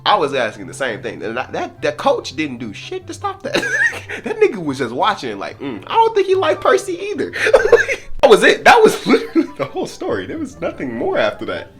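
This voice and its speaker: A man's voice: sits high, huge pitch swings, a little fast, a bit bright, faint music behind. A young man telling a comedic storytime, laughing often and dropping into dramatic narrator asides. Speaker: storytelling vlogger.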